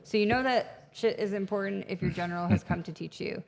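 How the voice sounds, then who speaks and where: A woman guest in a conversational interview, telling stories in an animated way with lots of fillers. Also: mid-range voice, brisk, creaky, a little hiss or hum. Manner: animated storyteller, many fillers. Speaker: podcast guest, retreat facilitator. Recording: long reverb, echoey room.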